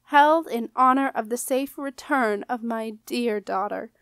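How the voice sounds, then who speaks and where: A grating, screechy queen mother, haughty and cruel, her words dripping with false sweetness, as a woman narrator puts her on. The voice sits well above the reader's own, slow and drawn out, with a dry, close sound. It is a storybook villain read aloud. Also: a little high, a bit bright, smooth, dry recording. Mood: falsely sweet. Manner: falsely sweet, silky and menacing.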